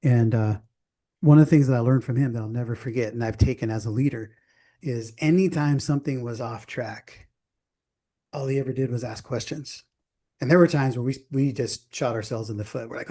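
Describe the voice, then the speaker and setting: Mellow-voiced man coaching on sales. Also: mid-range voice, brisk. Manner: animated, acts out quoted voices. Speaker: podcast co-host. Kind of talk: casual business talk.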